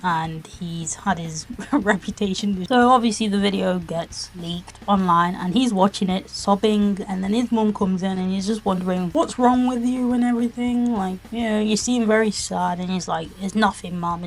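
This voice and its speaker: A woman casually reviewing online videos, retelling the plot in a rambling, giggly, exclamatory way. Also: medium pitch.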